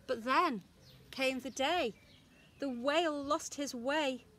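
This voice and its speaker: Slow, sing-song woman reading a picture book. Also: sits high. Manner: slow, sing-song and expressive, leaning into rhymes. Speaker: infant school teacher. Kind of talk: reading a picture book aloud to young children.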